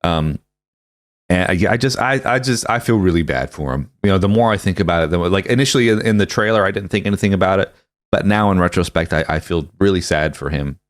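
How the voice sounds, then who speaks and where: A man's voice: deep voice, quick pace. A man in his thirties co-hosting a casual podcast, reading articles aloud with dry sarcasm. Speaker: podcast co-host.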